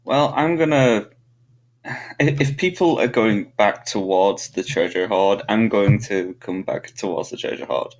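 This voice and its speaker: A man's voice: on the low side, measured pace. A man playing a tabletop game, hesitant and self-mocking about his moves. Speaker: player. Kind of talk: casual tabletop play.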